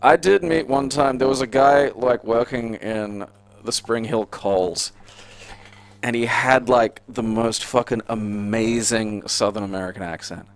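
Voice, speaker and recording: A man's voice: mid-range voice, fairly even intonation, measured pace. An Australian man streaming a game and chatting casually, rambling and profane with a sardonic edge. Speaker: gaming streamer. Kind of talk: casual gameplay commentary.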